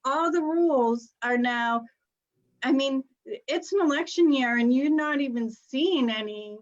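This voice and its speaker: A woman's voice: sits high, a little slow, dull audio. A middle-aged woman hosting a live online panel, talking in an upbeat, chatty way about spiritual ideas. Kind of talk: casual panel talk.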